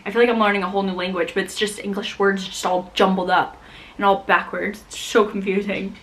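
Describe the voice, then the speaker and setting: A young woman from the United States chatting casually to camera as a vlogger, animated and full of "like". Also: medium pitch, fairly quick, rough recording. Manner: chatty, animated, heavy use of "like". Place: home in Scotland.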